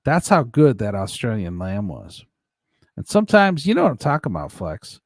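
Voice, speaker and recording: Reading viewer comments on his casual livestream, this man rambles and jokes, laughing frequently. His medium-pitched voice swings hugely in pitch at a normal speed, recorded in clean studio sound without echo.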